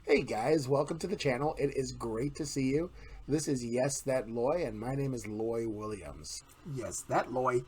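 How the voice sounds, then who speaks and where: A man's voice: mid-range voice, normal speed, music in the background. A man hosting his own vlog in a chatty, blunt and self-deprecating way, telling a joke and then talking straight to his viewers. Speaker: vlogger, channel host. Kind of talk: casual vlog with a told joke.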